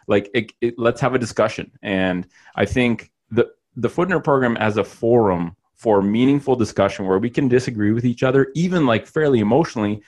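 A man's voice: mid-range voice, fairly quick, hardly any pauses, darkish tone. A man, a physiotherapist guest in a casual podcast chat, earnest and reflective, with the odd casual swear.

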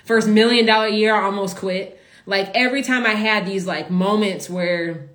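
A woman in a casual live stream speaks to her followers as a business coach, heartfelt and emotional. She circles back and repeats her points, peppering them with "like." Her voice sits at an ordinary pitch and carries a noticeable room echo. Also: normal speed, a bit bright. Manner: emotional, repetitive, full of filler "like".

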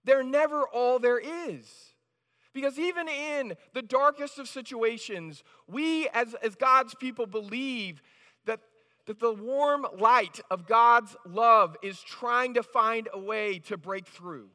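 A male pastor delivers a sermon in a loose, conversational style, with frequent restarts. His voice sits very high and bright. The reverberant church hall gives every phrase a long tail. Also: slow.

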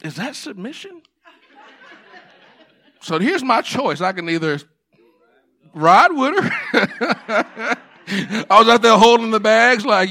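Pastor, man, high bright gravelly voice; conversational sermon delivery with hushed asides and shouted peaks. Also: big pitch swings, unhurried, long pauses. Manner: conversational preaching, swings between hushed asides and shouted points.

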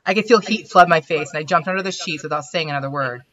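A woman hosting a writers' podcast, reading her own fiction aloud and chatting in an animated, self-deprecating way. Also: low-pitched, quick pace. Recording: dull, lo-fi sound.

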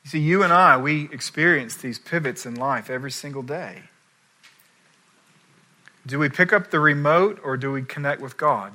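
Bright-voiced man preaching a sermon. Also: on the high side, moderate pace. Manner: animated storytelling, acts out quoted voices. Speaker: pastor.

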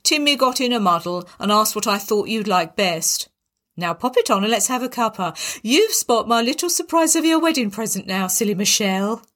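A woman voicing an overbearing older mother-in-law who booms and turns sugary and menacing, in a storybook reading. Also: very animated, normal speed, fairly bright tone. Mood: sweetly menacing. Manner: booming, then sugary and menacing.

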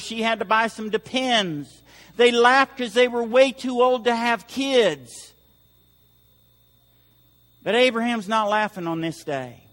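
A male pastor delivers a Sunday sermon with a high, ringing voice that swells for emphasis. His words carry a long reverberation through the church hall, and he mixes earnest exhortation with light humor. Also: a bit bright. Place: church sanctuary.

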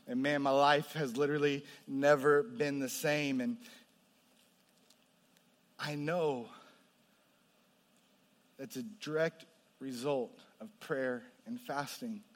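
A man preaching a testimony sermon, moving between hushed storytelling and loud, impassioned passages. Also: medium pitch. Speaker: pastor. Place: large hall with audience. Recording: long hall reverb.

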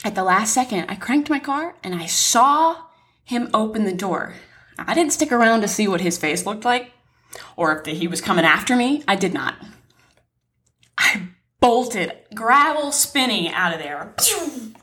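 Animated young woman telling a story. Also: fairly high pitch, a little slow. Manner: animated, dramatic storytelling with swearing and laughs. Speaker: podcast co-host.

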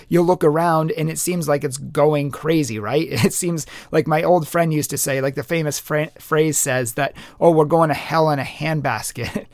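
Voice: mid-range voice, no echo. Exasperated podcast host, dry close sound. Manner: exasperated, rhetorical, laughs often; colloquial with many fillers. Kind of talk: casual opinion monologue.

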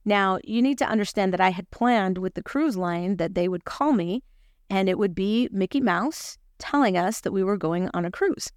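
Woman host, gospel lesson; chatty, self-deprecating storyteller, smooth voice, dry close sound. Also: medium pitch, moderate pace, dry recording. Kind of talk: scripture lesson with personal storytelling.

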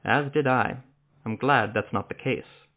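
Wry, understated male sorcerer, read by a man; mid pitch, lo-fi narrow sound. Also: a little slow. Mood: warm. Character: wry male sorcerer, middle-aged, guarded. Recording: tinny phone-like sound.

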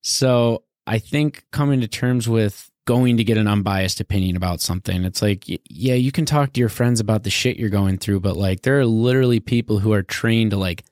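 A man with a low voice chats frankly as a podcast host, easygoing, with the odd swear word. The recording is dry and close, with no room sound. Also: a little fast, few pauses, darkish tone, no room sound. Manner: frank, conversational, mild swearing. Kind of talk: casual interview chat.

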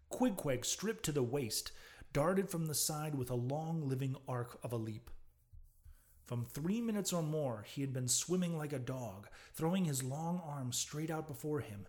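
A man's voice: a little high, darkish tone. Man reading a classic novel aloud. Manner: measured, declamatory reading. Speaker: narrator.

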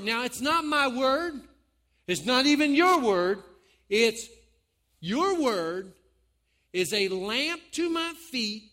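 Pastor guy preaching, bright voice, folksy and jokey with the crowd. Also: very high voice. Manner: animated, folksy, joking with the congregation. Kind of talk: sermon.

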